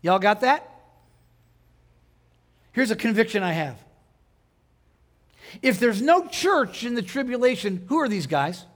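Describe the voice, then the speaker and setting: Male pastor with a high voice, preaching in a conversational style and quizzing the congregation. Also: sing-song, unhurried, long pauses, a bit bright. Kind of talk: sermon.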